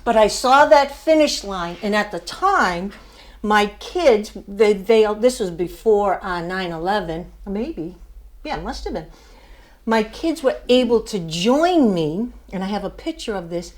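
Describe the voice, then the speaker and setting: An older woman giving a motivational speech to her class, telling a story with emphasis and laughing at herself. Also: medium pitch. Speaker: student speaker.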